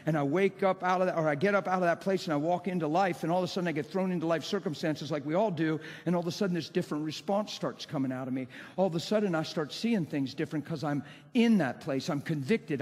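A man's voice: a little high, a little mellow. A man preaching a sermon with emphatic, impassioned delivery and rhetorical questions. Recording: long hall reverb.

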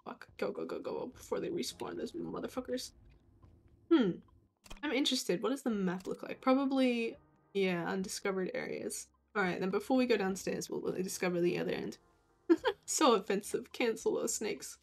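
A young woman streaming a game, talking casually and swearing freely, with loud outbursts at enemies. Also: mid-range voice, expressive, moderate pace, vocal fry. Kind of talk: casual gameplay commentary. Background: faint game music.

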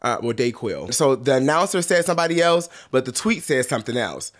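A man's voice: mid-range voice, lively intonation, brisk. A man with a congested, stuffy voice giving chatty, sassy pop culture commentary straight to his viewers. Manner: chatty and sassy, calling listeners girl and honey. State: congested from blocked sinuses.

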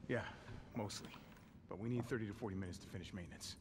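Friendly young male mercenary in a game, voiced by an actor; low and animated, loud background noise. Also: quick pace, close to an everyday voice. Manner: friendly, reassuring. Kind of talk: video game cutscene acting. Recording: game audio with loud ambience.

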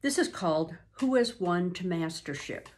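An older woman, a grandmother, reading a novel aloud in an unhurried way with frequent ums and restarts. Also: lowish voice, expressive, darkish tone, slight background noise.

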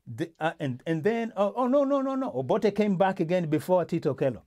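Pria pembawa acara yang sering tersendat. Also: male voice, high-pitched, animated, a little fast, warm tone. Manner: hesitant, many restarts and fillers. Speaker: host. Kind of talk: casual political discussion.

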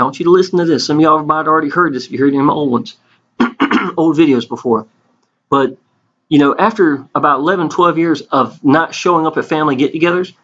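A man, giving an earnest, folksy sales pitch and calling out to his viewers again and again. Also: a bit bright. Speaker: network marketing promoter. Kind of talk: casual sales pitch over a screen tour. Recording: dull lo-fi recording.

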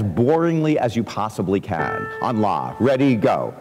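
A man, a composer, giving a lively lecture to students, reciting verse and scatting rhythms to show musical patterns. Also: medium pitch, normal speed, hardly any pauses, over loud music. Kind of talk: lively lecture with sung and spoken musical demonstrations. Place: large lecture hall. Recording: long reverb of a large lecture hall.

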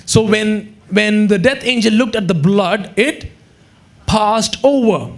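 Animated high-voiced male preacher. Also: slow, vocal fry. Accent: Indian English. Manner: animated preaching, acts out quotes, sudden shouts. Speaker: pastor. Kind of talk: sermon. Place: church hall.

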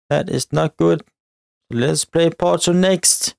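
Excitable man commentating his own gameplay. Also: a little high, slow pace, creaky, no echo, clean studio sound. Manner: excitable, shouts at the referee, repeated "oi" chants. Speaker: gaming channel host.

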